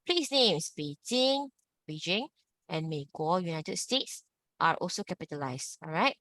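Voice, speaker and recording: A young woman walks learners through Mandarin pronunciation, repeating each sound patiently and tagging her sentences with "ah" and "lah". Her voice sits fairly low for a woman. The recording is dry and close, with little room sound. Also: big pitch swings, moderate pace, a bit bright, no room sound. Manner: patient, repetitive drilling with "ah" and "lah" tags. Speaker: Mandarin teacher. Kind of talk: online language lesson.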